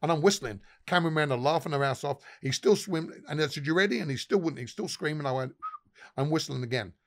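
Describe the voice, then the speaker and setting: A man's voice: a little high, fast talker. A middle-aged man, a pub owner guest, telling stories animatedly with lots of swearing and acted-out dialogue. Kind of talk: casual storytelling.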